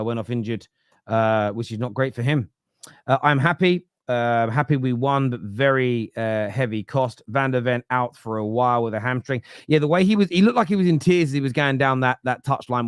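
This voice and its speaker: A man's voice: mid-range voice, no echo, clean studio sound. Laughing young man chatting football. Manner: animated, laughing, self-interrupting. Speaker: football pundit. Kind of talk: live football chat reading viewer comments. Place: home room.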